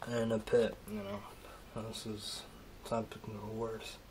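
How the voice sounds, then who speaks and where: A man rambling through a halting, emotional monologue in a casual vlog, trailing off and restarting often. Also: fairly low pitch, little pitch movement, darkish tone, a little hiss or hum. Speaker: vlogger.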